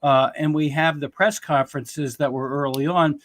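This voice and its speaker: A man's voice: a little high, fairly even intonation, normal speed, fairly bright tone. A man who is an attorney, giving blunt, emphatic criticism in a casual podcast discussion. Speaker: guest commentator, attorney.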